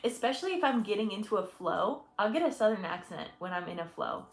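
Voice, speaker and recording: A woman's voice: mid-range voice, lively intonation, fast, gravelly, reverberant. A woman in her twenties from Michigan hosting a casual livestream chat as an energy healer. She talks chattily and effusively, laughing often and thanking viewers. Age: 20s.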